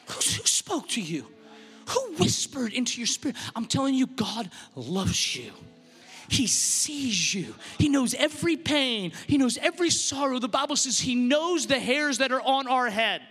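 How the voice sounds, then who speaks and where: A middle-aged male pastor preaching a sermon in a church, swinging from shouting to hushed tones with passion. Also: extremely high pitch, animated, normal speed, soft background music. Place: church sanctuary. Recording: reverberant hall.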